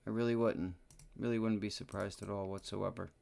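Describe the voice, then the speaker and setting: A man's voice: fairly low pitch, steady tone, brisk, gravelly, a little mellow, a little hiss or hum. A man hosting a live day trading stream, thinking aloud over charts and cursing when trades go wrong, with an aching back. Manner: profane, frustrated outbursts. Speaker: day trading livestream host.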